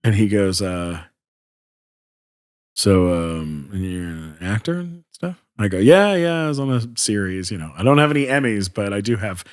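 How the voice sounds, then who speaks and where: A man's voice: fairly low pitch, animated, moderate pace. A man from Canada telling a story casually as a podcast guest, acting out quotes and using many fillers.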